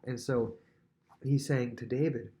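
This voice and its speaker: A man's voice: mid-range voice, unhurried. Chatty man teaching a Bible lesson. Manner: chatty, acts out dialogue with animated voices; many fillers and restarts, conversational.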